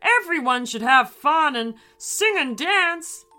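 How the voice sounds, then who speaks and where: A woman's voice: high voice, animated, slow pace, sharp tone, faint music behind, voice pushed up, exaggerated voice. A woman voicing a cheerful singing magic car. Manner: bouncy, sing-song.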